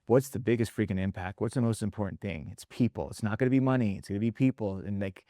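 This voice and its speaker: A man talking casually in a podcast conversation, telling animated stories, acting out quotes and tagging his points with "right?", with some mild swearing. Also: lowish voice, fast, no room sound, clean studio sound. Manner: animated storyteller, acts out quotes, tags lines with "right?". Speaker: restaurant leadership founder and host.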